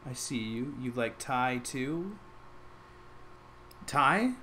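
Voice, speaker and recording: Young man, live-stream chat, bright tone, lively pitch, rambling, faint room hiss. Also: drawn-out words. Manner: rambling, reacts to chat and videos with frequent "like".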